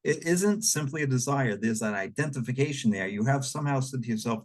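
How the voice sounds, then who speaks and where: A man narrating a spiritual book aloud in a measured, reflective manner, speaking directly to the listener. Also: medium pitch, expressive, darkish tone. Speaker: audiobook reader. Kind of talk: read-aloud nonfiction narration.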